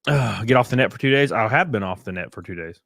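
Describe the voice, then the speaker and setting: A man's voice: lowish voice, lively intonation, fast, creaky, a bit bright, dry recording, studio quality. A young man, chatting live on a stream and reading viewer comments in a blunt, profane, rambling way full of fillers. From American South.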